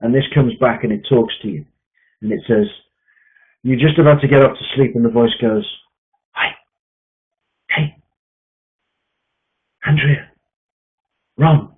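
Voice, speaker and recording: A man's voice: medium pitch, a little fast. Male sales coach on a tinny line. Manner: emphatic, repetitive, with frequent fillers. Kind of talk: coaching session talk.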